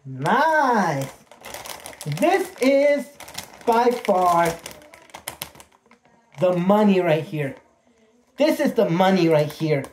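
Slow, excitable man in an echoey room. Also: high-pitched. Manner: excitable, repeats words, folksy exclamations. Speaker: vlogger unboxing birthday presents. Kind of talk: casual chat to camera. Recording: echoey room with faint noise.

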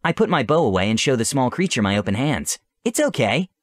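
A man voicing a brash, adventurous young princess in a bright, bouncy, impulsive way for a storybook tale. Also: medium pitch, animated, fast, no echo, clean studio sound, close to an everyday voice. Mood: eager, playful. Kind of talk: storybook role-play reading.

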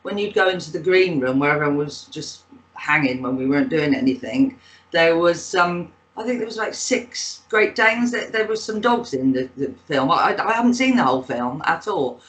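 A woman's voice: low voice, animated, moderate pace, fairly bright tone, low-quality recording. A woman in her sixties with a Bristol accent, telling rambling anecdotes as a guest in a casual interview, with plenty of fillers. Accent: Bristol English. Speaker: guest, actress and author.

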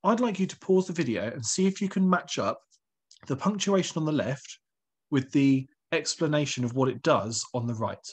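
A man's voice: fairly high pitch, expressive, normal speed, slightly rough. A male primary school teacher, giving a recorded online lesson in a patient, encouraging way and asking the pupils questions.

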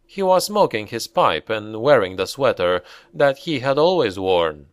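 Slow, measured male audiobook narrator. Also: mid-range voice, big pitch swings, no echo, clean studio sound. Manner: measured, deliberate reading. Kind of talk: scripted narration.

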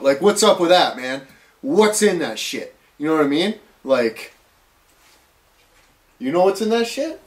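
Dude ranting, swears a lot, rambly, kinda high voice. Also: male voice. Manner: rambling, profane, lots of fillers and restarts. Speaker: vlogger. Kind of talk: casual rant to camera.

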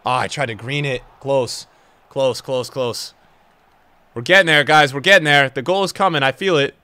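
A young man commentating his own football video game match as a streamer, swinging from low muttering to loud outbursts. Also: moderate pace, clear, resonant tone, no room sound. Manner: emotional, swings from muttering to shouting. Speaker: gaming streamer. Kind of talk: live gameplay commentary.

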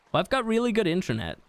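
Reading his viewers' comments aloud and laughing easily, a young man chats casually on his live gaming stream. He has a high-pitched voice with vocal fry, recorded without echo.

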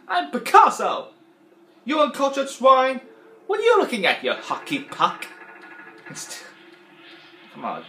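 A man's voice: on the low side, a bit bright, roomy sound, a little hiss or hum, rough recording. A man with a Yorkshire accent giving rambling, casual game commentary as a let's play host. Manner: rambling, chatty, trailing off.

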